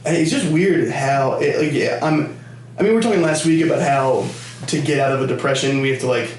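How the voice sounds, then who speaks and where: A man's voice: medium pitch, fairly quick, slight background noise. A man hosting a comedy podcast, telling rambling, profane family stories in a loose, casual way. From United States, Connecticut. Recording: roomy, distant camera-mic audio.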